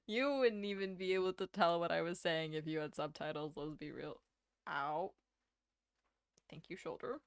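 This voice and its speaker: A woman's voice: on the low side, normal speed, gravelly, smooth, dry recording. Rambling young woman streamer, dry sound. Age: 20s. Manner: rambling and self-deprecating, laughs often. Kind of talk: casual livestream chat.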